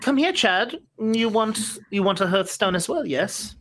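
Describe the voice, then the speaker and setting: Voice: medium pitch, lively intonation, measured pace, a bit bright, a little hiss or hum, voice pushed up. A game master voicing a flirty, mocking female hag who bargains for marks. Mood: teasing. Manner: teasing and sly.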